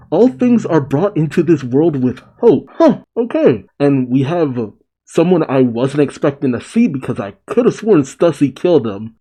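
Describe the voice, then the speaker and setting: A man's voice: mid-range voice, mellow, slightly rough, low-quality recording. A man hosting a manga reaction, reading a comic chapter aloud with wry, musing asides.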